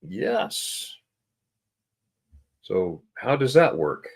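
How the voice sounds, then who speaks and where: An American man hosting a casual livestream chat, reading viewer comments aloud and slowly sounding out German words. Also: low voice, big pitch swings. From United States. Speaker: livestream host. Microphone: computer mic for a livestream.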